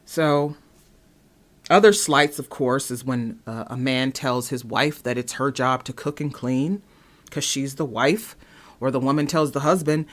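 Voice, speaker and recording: A woman hosting her own show, giving opinionated commentary in an exasperated, animated way, full of rhetorical questions. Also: rumbling low, measured pace. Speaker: host.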